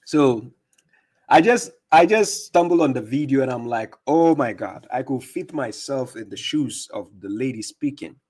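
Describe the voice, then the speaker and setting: A man's voice: medium pitch, animated, normal speed, a little mellow, breathy edge. A man with a non-native English accent hosting a live stream, reading viewer comments aloud and commenting emphatically, often repeating his words. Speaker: livestream host.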